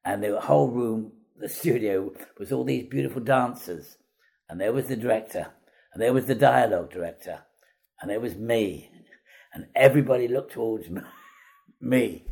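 An older man, an actor, telling anecdotes in an interview, chatty and animated, acting out the voices of the people in his stories. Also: medium pitch, normal speed, vocal fry, husky. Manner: chatty raconteur, acts out quoted voices, laughs at own stories. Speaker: comedy actor guest.

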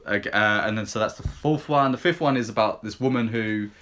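There's slight background noise as a man with a lowish voice speaks briskly. He co-hosts a podcast, reviewing movies in easygoing conversation and rambling through scene recaps full of ums and likes in everyday speech.

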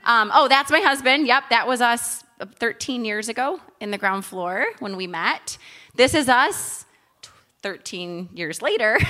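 A woman in her thirties, lively and earnest, giving a chatty testimony and prayer at a church women's gathering. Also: mid-range voice. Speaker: women's ministry speaker.

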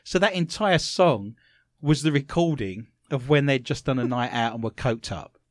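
A man's voice: mid-range voice, normal speed, no echo, studio quality. A man hosting a casual quiz segment, teasing his co-hosts with jokes and tangents. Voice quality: lively, joking, animated delivery. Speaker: quiz host. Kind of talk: casual podcast banter.

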